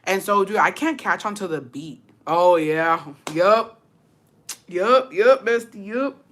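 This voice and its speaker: A woman's voice: mid-range voice, slow pace, fairly bright tone, slight background noise. A woman streamer from Texas chatting casually with viewers, switching between English and Spanish, swearing freely. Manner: bilingual code-switching, profane, chatty. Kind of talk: casual chat.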